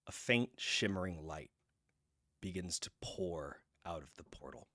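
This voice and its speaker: A man running a tabletop game as game master, narrating a horror scene in vivid detail, often hushed, with fillers. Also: deep voice, expressive, a little slow. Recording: music underneath.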